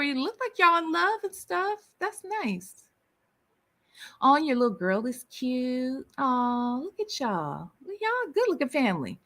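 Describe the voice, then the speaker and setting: Sassy, animated woman livestream host. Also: high voice. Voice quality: sassy, candid, drawling banter. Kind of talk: casual chat reading viewer comments.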